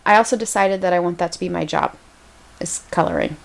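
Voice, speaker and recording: A woman's voice: fairly low pitch, fairly quick, creaky. A woman co-hosting a podcast, mostly giving short agreeing replies and dry quips in casual chat. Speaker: podcast co-host.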